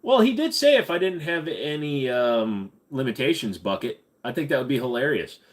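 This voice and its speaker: Man, livestream host, casual chat, rambling, profane, filler-heavy, mid-pitched voice. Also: big pitch swings, normal speed.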